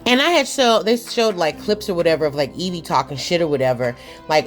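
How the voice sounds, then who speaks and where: A woman casually reviewing a TV show, ranting in a sassy, animated way with lots of slang. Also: fairly low pitch, a little fast, soft background music. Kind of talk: casual reaction commentary.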